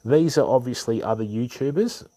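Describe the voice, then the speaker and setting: A man's voice: mid-range voice, normal speed, mellow. An Australian man hosting a fishing channel, chatting casually with viewers, calling everyone mate and bud, with lots of ums. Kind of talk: casual live stream chat with viewers.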